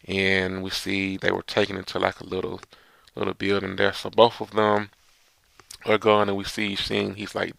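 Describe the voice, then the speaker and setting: Low gravelly man reviewing a manga chapter. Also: fairly bright tone, no echo. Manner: rambling, stop-start, reads dialogue aloud without doing voices, chuckles. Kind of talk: casual manga chapter review, reading panels aloud.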